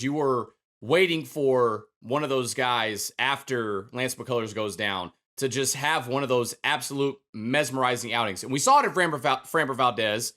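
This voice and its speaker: A man's voice: medium pitch, bright, forceful tone. A man hosting a casual sports podcast, talking through his thoughts in a conversational way. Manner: conversational, thinking aloud with fillers. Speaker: podcast host.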